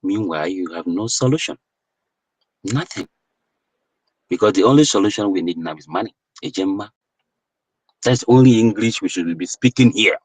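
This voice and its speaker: A man's voice: on the low side, dry recording, low-quality recording. A Nigerian man giving an impassioned, preachy political monologue, full of rhetorical questions. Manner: preachy, rhetorical, rising to emphatic peaks. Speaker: political commentator.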